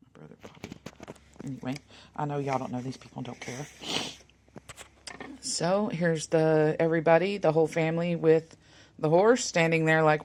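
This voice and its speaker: A woman, chatting casually while leafing through old photos, rambling and muttering soft asides. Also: low voice, normal speed, pauses often, slight background noise. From Texas. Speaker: vlogger. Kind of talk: casual reminiscing over a photo album.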